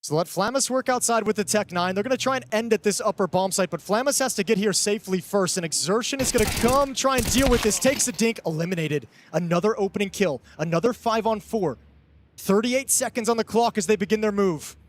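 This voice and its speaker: A man's voice: high voice, fairly quick, slight background noise. A man giving conversational color commentary on an esports match, analyzing at length with frequent restarts.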